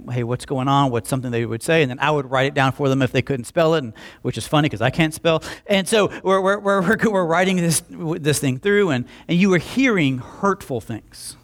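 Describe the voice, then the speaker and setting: A man's voice: a little high, fairly quick, hardly any pauses. Man preaching a storytelling sermon. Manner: conversational, repeats words when restarting, acts out dialogue. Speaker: pastor.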